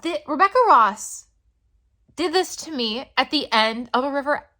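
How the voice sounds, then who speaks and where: A woman's voice: sits high, animated, moderate pace, sharp tone. A young woman vlogging casually about books, ranting dramatically and swearing in mock outrage. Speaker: book vlogger. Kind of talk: casual reading vlog rant.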